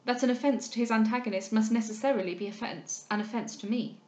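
A woman's voice: on the high side, fast, darkish tone, natural voice. A woman voicing a refined, earnest young lady from a period novel. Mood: anxious. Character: genteel anxious young lady heroine. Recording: roomy echo.

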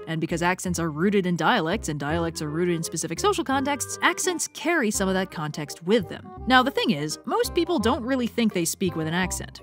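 A woman giving a wry, sarcastic scripted narration for an educational video essay. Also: medium pitch.

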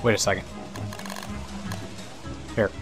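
A man's voice: slow pace, faint music behind. A man giving casual let's-play commentary, chatting to the characters on screen, laughing and swearing as he plays. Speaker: gameplay commentator.

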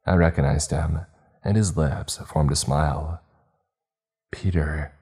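Brief: male horror narrator, extremely deep, dark tone, somber and steady. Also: unhurried, slightly rough.

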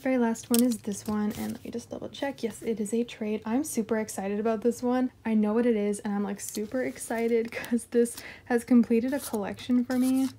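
A woman chatting casually through an unboxing haul, gushing and excitable with frequent giggles. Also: a little high, fairly quick, hardly any pauses, a little hiss or hum.

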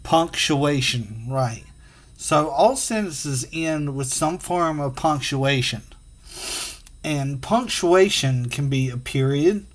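A man teaching a phonics and punctuation lesson to children, sounding out letters slowly and patiently. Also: medium pitch.

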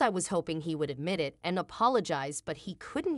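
A woman's voice: fairly low pitch, sing-song, brisk, hardly any pauses, no echo, studio quality. A woman giving a dramatic, emotional first-person story narration.

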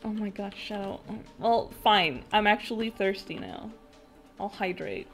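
Lively, swearing young woman streamer. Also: mid-range voice, measured pace, faint music behind. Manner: swears freely, laughs often, reacts loudly to the game. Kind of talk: casual gaming stream chat.

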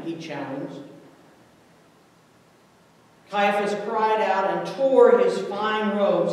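A man narrating a scripture story in a measured, deliberate way at a church service. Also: sits high, darkish tone. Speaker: scripture reader. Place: church sanctuary. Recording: echoey church hall from far off.

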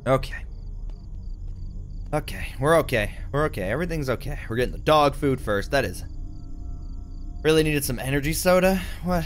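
A young man giving let's play commentary, excitable and easily startled, talking to himself as he plays. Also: medium pitch. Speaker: gamer.

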